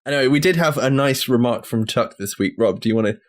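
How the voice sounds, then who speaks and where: A man hosting a gaming podcast in a relaxed, joking way, swearing casually. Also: mid-range voice, fast. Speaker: podcast host.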